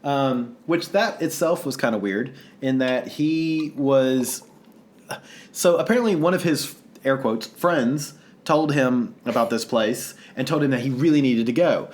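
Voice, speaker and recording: A man co-hosting a casual podcast, telling stories with lots of laughter. He's animated, and when he quotes people, he acts out their voices. His pitch sits in the middle of the range. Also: a little slow. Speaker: podcast co-host. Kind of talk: casual storytelling chat.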